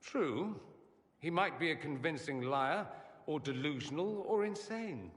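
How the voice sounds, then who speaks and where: A man's voice: on the high side, lively intonation, measured pace. A man voicing a witty, proud male mage who talks in a wry, teasing and theatrical way. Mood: grim. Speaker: game character. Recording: game audio with long reverb.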